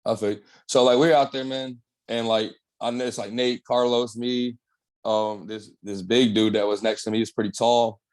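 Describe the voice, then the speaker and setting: A man's voice: mid-range voice, fairly even intonation, normal speed, a little mellow. A young man, a bodybuilder guest on an interview, telling his story in a laid-back, slangy way with lots of swearing. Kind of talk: casual candid storytelling.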